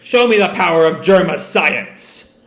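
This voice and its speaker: A man's voice: a little high, lively intonation, measured pace, fairly bright tone. A man voicing a cruel, gloating male pirate villain with a taunting manner, read aloud from a comic. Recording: roomy echo.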